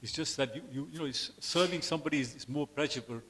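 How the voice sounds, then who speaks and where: A man in an audience at a spiritual class, making an earnest, halting comment with repeated words. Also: a little high, a bit bright, a little hiss or hum. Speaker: audience member asking a question. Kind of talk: question from the floor. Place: temple hall.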